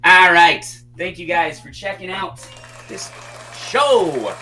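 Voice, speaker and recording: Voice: medium pitch, animated, slow pace, bright, forceful tone, soft background music. A livestream host and artist chatting casually to viewers while coloring, rambling with fillers.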